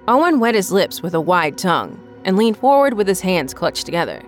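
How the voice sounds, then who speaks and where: A woman narrating a scripted horror story in a measured, even storytelling voice. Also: fairly low pitch, soft background music.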